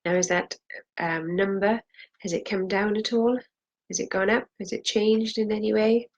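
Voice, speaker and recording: A woman's voice: medium pitch, fairly even intonation, moderate pace, gravelly, highs cut off. A woman leading a guided tapping session, saying phrases for the viewer to repeat and pressing harder on the angry lines. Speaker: EFT tapping practitioner.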